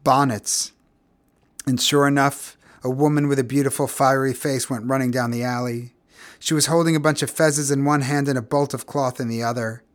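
Male narrator, measured and expressive literary reading, mid-pitched. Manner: measured, expressive, grows quiet and somber. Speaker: audiobook narrator.

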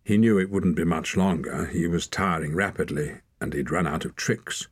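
A very deep, husky male voice reads an audiobook in a steady, measured way. The sound is dry and close to the mic, with no room around it. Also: dry recording. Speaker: narrator. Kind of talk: audiobook narration.

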